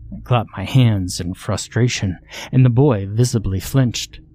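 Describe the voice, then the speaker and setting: A man narrating a first-person horror story in a measured, steady way. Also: fairly low pitch, breathy edge.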